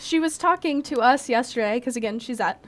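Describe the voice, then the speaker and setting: A woman's voice: on the high side, brisk, fairly bright tone. A young woman hosting a podcast in a bubbly, giggly, chatty way. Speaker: podcast host. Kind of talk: casual chat.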